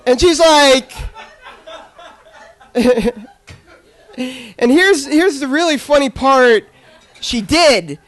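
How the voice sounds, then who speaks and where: A man's voice: extremely high pitch, expressive, extremely slow, pauses often, a bit bright, some chatter behind. A young man doing a stand-up comedy set on a club stage, telling awkward self-deprecating stories with crude jokes.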